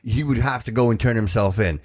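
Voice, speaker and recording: A man's voice: mid-range voice, fairly quick. A man co-hosting a podcast in casual chat, joking around and swearing freely. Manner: animated, jokey, swears freely.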